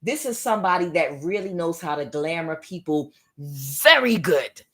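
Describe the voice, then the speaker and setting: A woman's voice: sits low, animated, normal speed, fairly bright tone. A woman giving a live tarot reading, talking in a rambling, repetitive way and speaking straight to her viewers. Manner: rambling and repetitive, many restarts; addresses viewers directly. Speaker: tarot reader.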